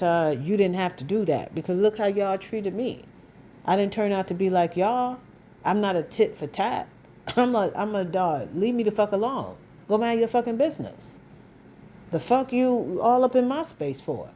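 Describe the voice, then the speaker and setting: Heated woman ranting, mellow voice. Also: mid-range voice, a little hiss or hum. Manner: blunt, heated, profane, repeats insults. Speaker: vlogger. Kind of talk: angry direct-to-camera rant.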